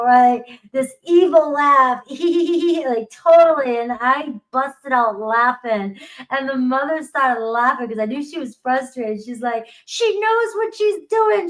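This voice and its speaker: A woman's voice: mid-range voice, low-quality recording. A woman giving a casual tarot reading to camera, chatty and laughing often. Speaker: tarot reader.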